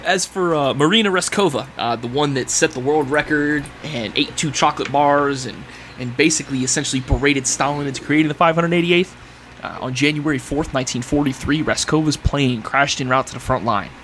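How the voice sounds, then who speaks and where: A man's voice: a little high, a little fast, fairly bright tone, slight background noise. A man presenting history on a casual podcast, reading facts aloud and then riffing and laughing with friends.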